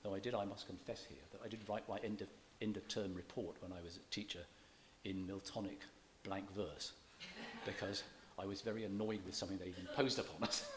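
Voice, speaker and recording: A man giving a public lecture on reading poetry. He explains in a measured way, with dry self-deprecating humour. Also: lowish voice, steady tone, background noise. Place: church event.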